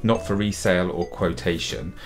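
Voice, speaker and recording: A man's voice: deep voice, normal speed, soft background music. A middle-aged man, a children's author and illustrator, giving a friendly drawing tutorial for kids in a chatty, upbeat way, often doubling words for emphasis.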